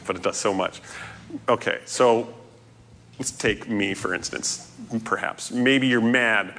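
A man preaching a sermon in an animated, playful way, jumping to loud highs and dropping to quiet asides. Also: slow pace. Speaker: pastor. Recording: echoey hall reverb.

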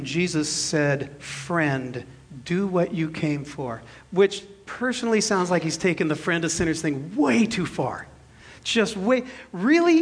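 High-voiced pastor guy in his 50s, jokes his way through a sermon story, goes loud then soft. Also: husky. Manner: jokey, self-deprecating, laughs often; animated, shifts between loud and soft.

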